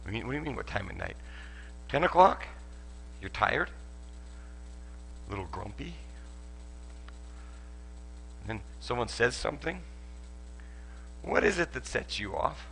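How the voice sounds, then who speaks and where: A man preaching a sermon at a church service, animated and joking as he tells stories. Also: mid-range voice, creaky, breathy edge. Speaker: pastor.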